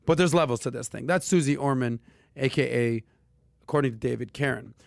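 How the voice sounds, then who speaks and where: A man hosting a casual personal finance podcast, talking with punchy emphasis and lively asides. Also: medium pitch, fairly quick, gravelly, dry recording, studio quality. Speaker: podcast host.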